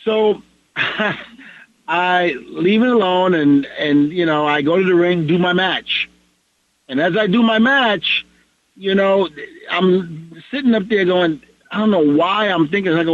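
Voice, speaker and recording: Animated middle-aged man telling a story. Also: high voice, moderate pace, muffled recording. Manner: animated, acts out the dialogue in his stories. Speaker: podcast co-host. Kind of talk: casual storytelling.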